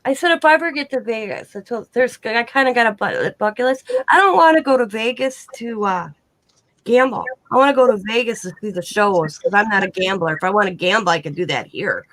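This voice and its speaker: Woman rambling through a story on a live chat, slightly high voice, dry close sound. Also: lively intonation, a little fast, fairly bright tone, dry recording. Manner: rambling, acts out quoted dialogue in plain voice. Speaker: guest in a live online chat.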